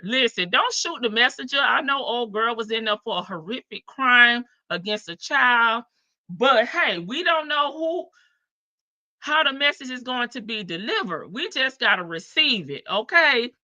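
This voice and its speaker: A woman's voice: on the high side, animated, a little slow, pushed and bright, no echo, highs cut off. A woman hosting a live stream, reacting with sassy, teasing commentary in speech and laughing often.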